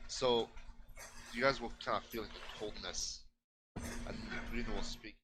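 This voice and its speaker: A man running a tabletop game as game master, narrating haltingly with frequent restarts. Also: lowish voice, fairly even intonation, background noise. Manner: hesitant, many fillers and restarts. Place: home streaming setup.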